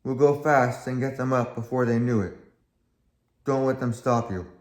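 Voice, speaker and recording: A man's voice: medium pitch, steady tone, moderate pace, darkish tone, close to an everyday voice. Man doing a watchful engine driver. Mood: urgent. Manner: warning, urgent. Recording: echoey room, faint background.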